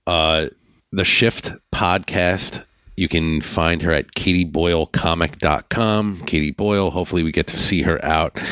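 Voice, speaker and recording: A man's voice: a bass voice, fairly bright tone, dry recording. A man co-hosting a casual podcast, laid-back, laughing often and swearing casually. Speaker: podcast co-host.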